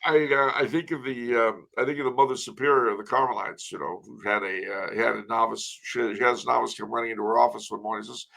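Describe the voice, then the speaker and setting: A man's voice: medium pitch, fairly even intonation, fast, gravelly, few pauses, bright, forceful tone. An older man on a call, a guest telling wry anecdotes in a courtly manner. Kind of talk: casual chat, telling jokes.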